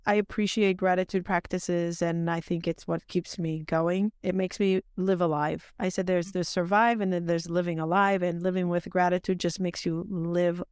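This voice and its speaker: Animated woman host, smooth dry voice. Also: lowish voice, normal speed, hardly any pauses, no room sound. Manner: animated storyteller, acts out quoted voices. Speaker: podcast host. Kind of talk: casual conversational interview.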